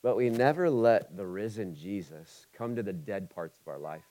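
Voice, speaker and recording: Ohio-raised pastor, emphatic and conversational. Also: male voice, lowish voice, animated, normal speed, poor audio. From Ohio, USA. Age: 40s. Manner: emphatic, swinging from loud urgent peaks to quiet intimate asides; conversational and humorous between scripture readings. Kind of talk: sermon.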